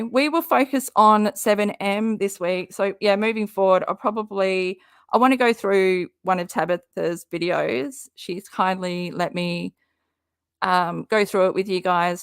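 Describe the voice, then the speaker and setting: A woman's voice: medium pitch, smooth, no echo, studio quality. An Australian woman hosting a casual livestream, chatting with her viewers, laughing often and dropping local slang. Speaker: livestream host.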